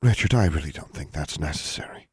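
A man doing a calm, stern older witch. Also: extremely low pitch, slightly rough, dry recording, studio quality, exaggerated voice. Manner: calm, even, measured. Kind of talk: audiobook narration.

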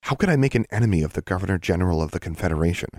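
A man voicing a sharp-tongued twelve-year-old schoolgirl in an audiobook, sour and sarcastic. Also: low-pitched, lively intonation, very fast, no room sound, studio quality.

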